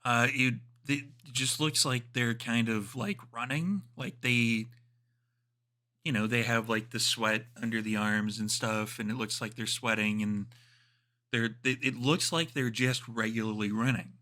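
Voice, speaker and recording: A man's voice: medium pitch, fairly even intonation, measured pace, bright, forceful tone. A man narrating as storyteller of a tabletop role-playing game, describing scenes loosely with many fillers.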